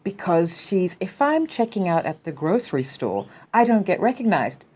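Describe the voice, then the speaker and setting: Casting: Australian woman news host, low-pitched, sardonic, riffing freely on the headlines she reads. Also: normal speed, husky. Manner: sardonic, animated, reads headlines then riffs. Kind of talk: casual commentary on news.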